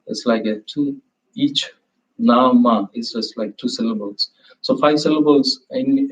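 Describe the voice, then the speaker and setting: A male yoga teacher leads a class through the close of practice into meditation, giving slow, soothing instructions. His voice is husky and airy, with some lines chanted softly. The recording sounds muffled and lo-fi. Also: medium pitch.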